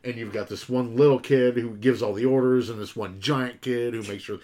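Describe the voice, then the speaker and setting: Casting: relaxed man, mid-range voice, podcast co-host. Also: medium pitch, moderate pace. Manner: laid-back, swears casually, many restarts. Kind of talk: casual chat about horror films.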